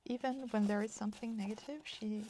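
A woman who grew up in Sweden, a native Swedish speaker, chatting slowly and softly in English while she opens a parcel for her crafting vlog. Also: mid-range voice, fairly even intonation, slight background noise. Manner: slow, soft-spoken, delighted. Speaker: crafting vlogger. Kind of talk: casual chat, opening a parcel.

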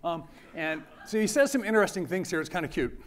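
High-voiced man lecturing conversationally. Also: very animated, fast talker, over music. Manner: conversational, jokey, quizzing the audience. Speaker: university lecturer. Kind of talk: lecture to an audience.

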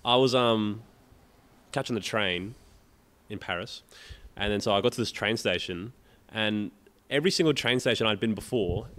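A man's voice: on the low side, moderate pace, pauses often, a bit bright. Swearing, ranting man. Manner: swears a lot, ranting storyteller. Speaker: podcast co-host. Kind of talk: casual chat.

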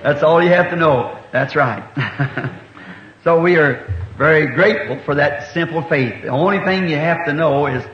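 A middle-aged man preaches a folksy sermon in a church meeting hall, spinning homespun stories in colloquial speech with rural grammar. His voice is a little high and his pace moderate, with slight background noise. The 1960s meeting recording sounds echoey and dull.

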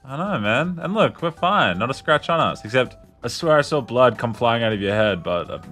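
Male host, mid-pitched, laid-back roleplay banter over faint music. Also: expressive, moderate pace, a bit bright. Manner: laid-back, jokey, laughs often. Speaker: host, player in police roleplay.

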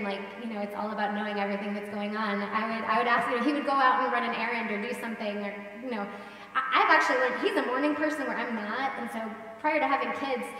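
A woman pastor giving a casual, animated sermon and acting out the voices she quotes. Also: on the high side. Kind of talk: conversational sermon. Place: large church sanctuary. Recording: echoey church hall, distant mic.

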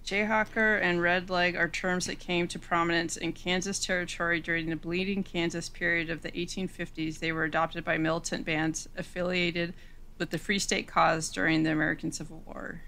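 A woman's voice: on the low side, little pitch movement, pushed and bright. A woman co-hosting a podcast, reacting wryly and reading looked-up facts aloud. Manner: reads search results aloud, quick wry reactions. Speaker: podcast co-host. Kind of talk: casual podcast chat.

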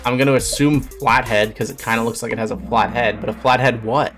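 A man's voice: medium pitch, fairly even intonation, brisk, a bit bright. Man reacting bluntly with faint music behind. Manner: blunt, swears freely, bursts out in surprised questions. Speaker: fish biologist streamer. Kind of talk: casual reaction commentary.

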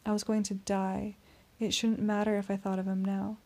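A woman narrating a first-person audiobook in a steady, tense storytelling voice. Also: mid-range voice, normal speed.

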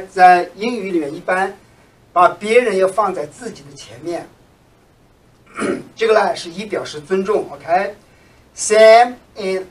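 A man teaching English to Chinese speakers, repeating example sentences slowly and switching between English and Chinese. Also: sits high, a bit bright, recorded from a distance, poor audio. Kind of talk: bilingual language lesson.

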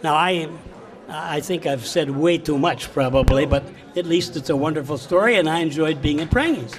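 An older man from Wisconsin, recalling his old store job with folksy, unhurried anecdotes for a local audience. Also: on the high side, a crowd in the background. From Wisconsin, USA.

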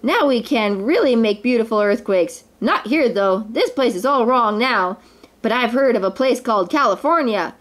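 A woman's voice: fairly high pitch, animated, moderate pace, close to an everyday voice. A woman voicing the stern king of small underground creatures, speaking in a commanding way. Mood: pleased.

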